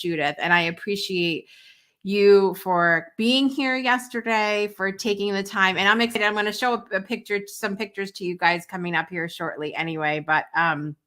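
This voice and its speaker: A woman's voice: lowish voice, pushed and bright. A woman hosting a live morning talk show, chatting casually and emotionally with many fillers and restarts.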